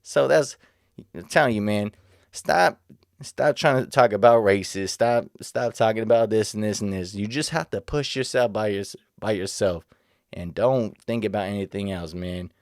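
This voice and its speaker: A man's voice: lowish voice, moderate pace, vocal fry, no echo, clean studio sound. A man vlogging casually, rambling and earnest, with slightly slurred speech. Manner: rambling, repetitive, restarts often; earnest, motivational. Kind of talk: casual reaction vlog.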